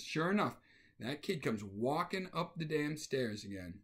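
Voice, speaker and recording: A man's voice: fairly high pitch, measured pace. A man telling a casual anecdote, acting out the scenes with voices. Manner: animated, acts out scenes with voices. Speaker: storyteller.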